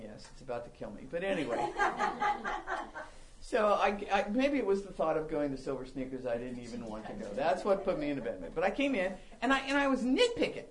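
An older woman giving a Bible teaching talk to women, telling animated, self-mocking stories. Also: deep voice, slight background noise, poor audio.

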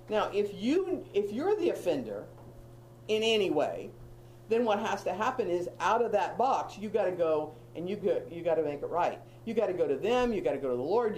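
A woman's voice: fairly low pitch, a little mellow, slight background noise, rough recording. A woman in her fifties teaching a Bible study group, emphatic and repetitive, with humorous asides.

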